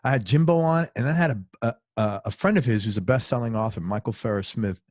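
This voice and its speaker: A man's voice: lowish voice, quick pace, darkish tone, no room sound, clean studio sound. A man hosting a casual interview, eagerly agreeing with his guest and sharing his own experiences. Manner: enthusiastic, affirming listener. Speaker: interview host.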